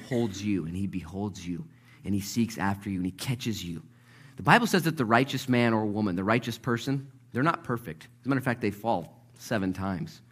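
A man preaching a sermon, telling the story with energy, dropping to a hush and then rising loud, and acting out the people in it. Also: lowish voice. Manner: lively storytelling, acts out voices, swings between hushed and loud. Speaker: pastor.

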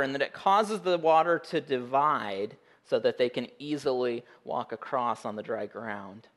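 A man giving a sermon in a conversational way, with wry humor and frequent restarts. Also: on the high side. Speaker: pastor.

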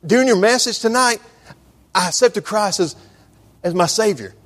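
A man doing an eager, excited teenage girl. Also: high-pitched, voice pushed up. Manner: rapid, eager repetition.

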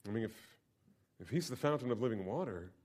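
A male pastor preaching a sermon, asking rhetorical questions and moving from quiet lines to emphatic ones. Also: lowish voice, expressive, a little fast.

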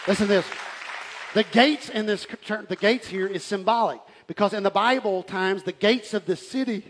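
A man preaching a fervent sermon. He often shouts and laughs as he preaches. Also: sits high. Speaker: pastor. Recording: live church hall with reverb and faint crowd.

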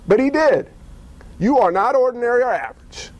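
A man pastor preaching a sermon in an animated, casual way, often acting out little dialogues and using slang. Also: extremely high pitch, a little fast.

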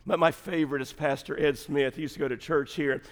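A man's voice: fairly high pitch, fairly even intonation, a little fast, long reverb tail. A middle-aged man, a pastor, telling a humorous family story in a chatty sermon, laughing often. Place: church sanctuary.

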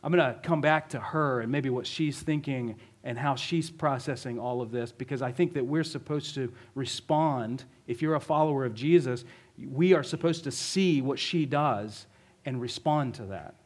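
A man's voice: mid-range voice, moderate pace. A male pastor preaching a conversational sermon, telling a story vividly and asking the congregation rhetorical questions.

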